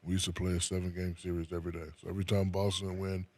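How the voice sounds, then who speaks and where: A retired basketball player from New Jersey, a man who speaks casually as an interview guest, laid-back and soft-spoken, often trailing off with fillers. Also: low voice, little pitch movement, racing, no echo.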